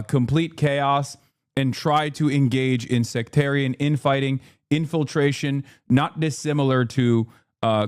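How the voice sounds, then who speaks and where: A man's voice: mid-range voice, a little mellow, clean tone, no room sound, clean studio sound. A man streaming heated political commentary, talking indignantly with frequent restarts and fillers.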